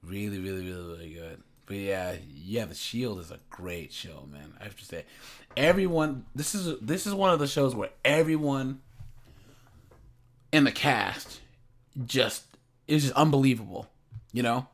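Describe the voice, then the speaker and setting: A man's voice: fairly low pitch, expressive, a little slow. A man hosting a reaction channel, chatting casually and rambling, repeating words and laughing often.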